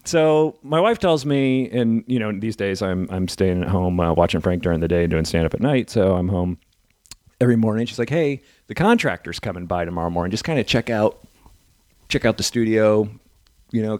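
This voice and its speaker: A man's voice: on the low side, normal speed, no echo, clean studio sound. A man in his thirties hosting a podcast, telling a story in casual chat. He acts out the people he quotes and swears freely. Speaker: podcast host and stand-up comedian.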